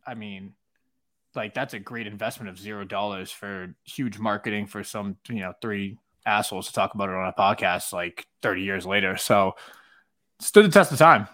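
A man's voice: lowish voice, moderate pace, sharp tone, no room sound, clean studio sound. A man co-hosting a casual drinking podcast, joking and profane, full of fillers. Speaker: podcast co-host.

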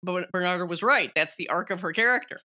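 Opinionated woman, bright voice. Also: fairly low pitch, quick pace. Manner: opinionated, animated, laughs often. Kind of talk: casual film discussion.

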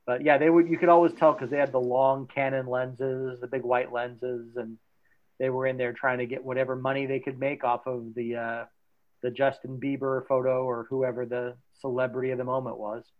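A man hosting a casual podcast interview, asking questions in a halting way with many fillers. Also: medium pitch, little pitch movement. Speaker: podcast host. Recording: dull lo-fi recording.

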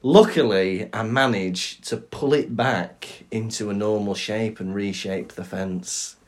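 A man co-hosting a podcast in casual chat, wry and jokey, quick with teasing rhymes. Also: on the low side. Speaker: podcast co-host.

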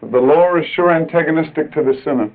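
A man preaching a sermon to other preachers, emphatic and urgent, dropping at times to quiet, earnest asides. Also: fairly high pitch, fairly quick. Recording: tinny lo-fi old tape recording.

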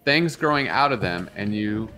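A man's voice: fairly low pitch, lively intonation, normal speed, pushed and bright, soft background music. A male co-host reading oddball lists aloud on a casual morning show, amused and stumbling over his words now and then.

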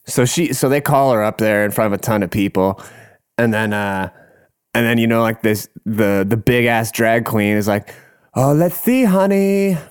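A man's voice: on the low side, fairly even intonation, normal speed, clean tone. A young man casually telling a rambling, profane story, laughing as he goes.

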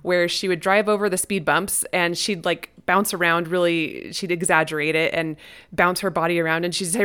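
A middle-aged woman telling a personal story about her childhood and her own children. She talks casually and jumps into high, loud voices when she quotes herself and her daughters. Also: moderate pace, smooth. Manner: animated, acts out voices with sudden high-pitched quotes.

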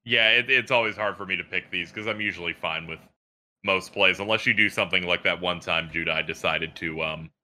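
A man with a fairly low but very bright, tense voice chats as a podcast co-host. He hesitates often and repeats words as he works out his thoughts. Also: a little fast. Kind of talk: casual podcast chat.

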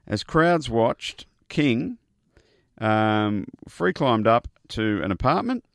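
A man's voice: medium pitch, animated, slow, vocal fry, no room sound, studio quality. A man, a co-host, telling news stories in a chatty, joking way. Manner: chatty storyteller, jokey asides. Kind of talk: casual chat.

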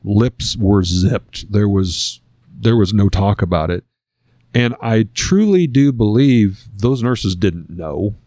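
Lowish dry-voiced man telling a story. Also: expressive, slow, warm tone, dry recording. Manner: earnest and reflective. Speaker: guest sharing a personal story. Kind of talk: conversational storytelling.

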